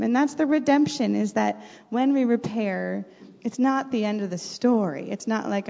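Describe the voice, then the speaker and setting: Gravelly-voiced middle-aged mother, reflective. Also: mid-range voice, normal speed. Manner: earnest, faith-centered, animated when retelling. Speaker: mother and podcast guest. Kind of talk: reflective personal storytelling. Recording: dull recording with long reverb.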